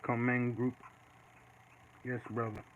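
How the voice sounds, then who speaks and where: A man's voice: mid-range voice, takes it slowly. Laid-back man chatting on a lo-fi stream. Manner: relaxed, chatty, reads and answers viewer comments. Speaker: artist streaming live. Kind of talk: casual chat while drawing live. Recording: dull lo-fi with faint noise.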